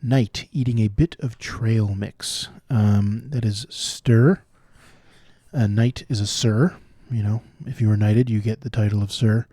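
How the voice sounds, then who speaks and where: A man solving cryptic crossword clues out loud, thinking through each one and explaining the wordplay as he goes. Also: on the low side, steady tone, measured pace, dry recording, studio quality. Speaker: puzzle solver.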